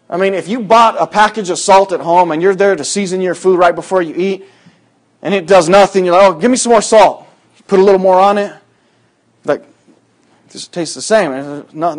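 A man preaching a conversational sermon to a congregation, acting out quoted voices in sudden loud bursts. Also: high-pitched.

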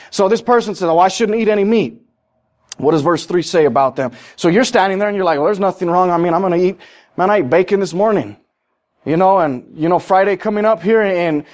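A man with a high voice preaches a sermon to his church. He is emphatic, climbing up and getting louder when he scolds, then slowing down and dropping low to drive his point home. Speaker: pastor.

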